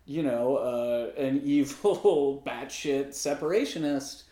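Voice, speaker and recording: A man's voice: medium pitch, takes it slowly, dark tone, roomy sound. A man co-hosting a podcast, recapping a film in casual chat with wry, profane asides.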